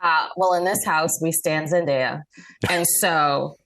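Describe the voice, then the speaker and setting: A female culture critic speaks eagerly in a casual panel chat, plainly excited. Her voice sits somewhat low for a woman. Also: a little slow. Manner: enthusiastic, eager.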